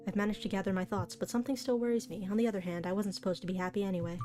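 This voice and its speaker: A woman's voice: fairly low pitch, fairly even intonation, fast talker. A woman streamer reading a visual novel aloud, breaking into chatty, giggly asides between the lines. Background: soft background music.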